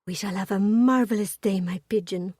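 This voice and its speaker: A woman's voice: normal speed, slightly rough, no echo, clean studio sound, natural voice. A woman voicing a petite, bubbly dressmaker with a thick French accent, in a storybook reading. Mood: eager. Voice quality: high and loud, effusive.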